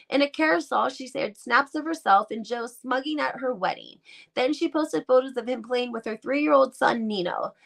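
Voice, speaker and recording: Gravelly, gossipy woman host. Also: a little high, fairly bright tone. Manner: emphatic, gossipy, rhetorical questions. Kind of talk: live-stream commentary.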